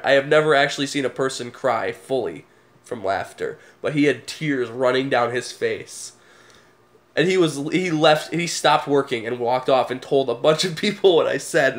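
A young man, casually telling funny stories to the camera and laughing at them. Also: mid-range voice. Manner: laid-back, laughs at his own stories. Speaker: vlogger.

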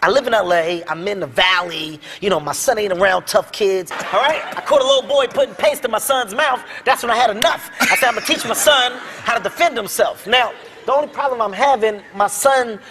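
A man from Philadelphia telling comic stories on a talk show, loud and animated, with shouted punchlines over a noisy live audience. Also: high voice, brisk. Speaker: comedian. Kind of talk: stand-up and talk show storytelling.

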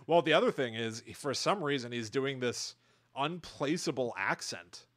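A man's voice: mid-range voice, animated, normal speed, a bit bright, no room sound. Rambling male podcast co-host. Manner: rambling, restarts and mimics voices. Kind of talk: casual chat.

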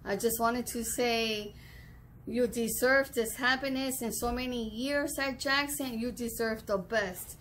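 A woman coworker speaking slowly and sincerely. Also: on the high side, steady tone, fairly bright tone, slight background noise.

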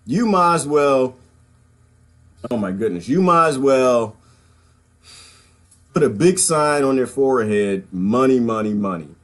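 A man's voice: medium pitch, lively intonation, takes it slowly, long pauses, a bit bright. A man giving casual livestream commentary, rambling and conversational, calling his viewers y'all and chuckling between points. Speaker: political commentary vlogger.

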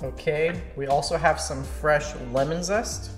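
A man from Slovakia hosting a cooking channel, talking viewers through a recipe step by step in a relaxed, casual way in a home kitchen. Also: fairly high pitch, measured pace. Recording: echoey kitchen with music bed. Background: background music, clinking dishes.

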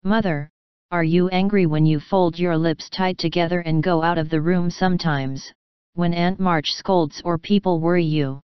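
A woman's voice: lowish voice, steady tone, moderate pace, clean tone, dry recording, close to an everyday voice. A woman voicing a hot-tempered but earnest fifteen-year-old girl in a storybook reading, slightly dull lo-fi audio.

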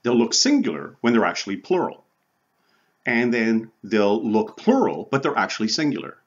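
Sweating in the heat, a male instructor records a college English lecture for online viewers, using a lowish voice with big pitch swings and a moderate pace. His manner stays conversational, with frequent "right?" and "okay?" check-ins and occasional chuckles, and the audio is dull.

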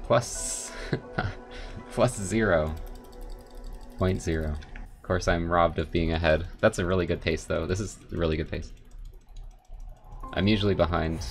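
Low, gravelly-voiced man gaming. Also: measured pace, long pauses, soft background music. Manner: chatty and excitable, many "like" fillers, bursts of loud excitement. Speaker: speedrunner streaming a game run. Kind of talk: casual live gameplay commentary.

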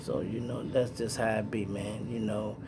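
Gravelly Chicago man telling street stories. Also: fairly low pitch, normal speed, noisy background. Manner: animated storyteller acting out sounds and voices; slang-heavy street talk, addresses viewers as y'all. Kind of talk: casual storytelling to viewers.

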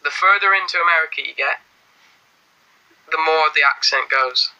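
A man's voice: on the high side, moderate pace, pushed and bright, smooth, muffled recording. A young man in a band, chatting casually on a livestream, joking and laughing often. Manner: jokey, does silly voices, laughs often. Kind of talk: casual chat.

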